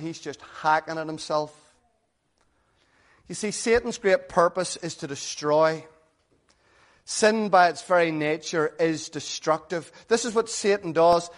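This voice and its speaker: High-voiced man preaching. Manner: earnest, conversational preaching with rhetorical questions. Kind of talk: sermon.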